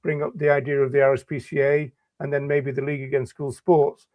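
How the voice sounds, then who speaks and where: A man hosting a live video show, chatty and jokey, talking with some halting restarts on a video call. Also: medium pitch, little pitch movement, a little mellow, no echo. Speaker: host.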